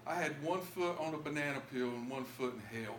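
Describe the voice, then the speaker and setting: A man telling his own story as a testimony in a church, emotional and pleading at its high points. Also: a little fast, roomy sound, a little hiss or hum. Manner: emotional, rising to pleading highs. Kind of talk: testimony sermon.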